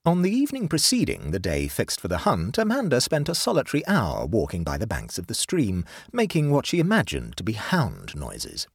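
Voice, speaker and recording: A man narrating a classic short story aloud in an expressive, measured way. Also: fairly low pitch, gravelly, husky, no room sound, studio quality.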